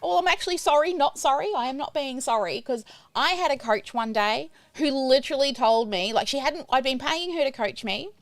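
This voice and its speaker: A middle-aged woman coaching her audience over a livestream, bubbly and loud, bursting with energy. Her voice sits a touch high and sounds close and dry. A faint bed of music plays underneath. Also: animated, brisk, dry recording. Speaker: business coach. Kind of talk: livestream teaching.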